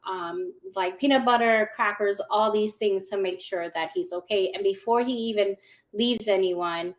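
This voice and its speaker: This guest, a woman in her forties, shares her testimonial in a loose interview, her voice medium-pitched and her pace moderate. She recounts events vividly, breaking into laughter and imitating what others told her.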